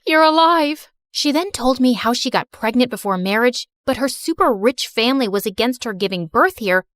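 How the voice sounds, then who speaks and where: High, lively woman narrator. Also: a little fast, no echo, studio quality. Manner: animated, expressive storytelling. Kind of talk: scripted narration.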